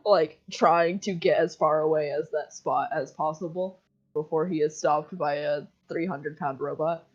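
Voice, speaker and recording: A woman's voice: sits low, animated, a little slow. A woman running a tabletop game as game master, narrating loosely with lots of giggles and fillers. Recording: dull lo-fi mic.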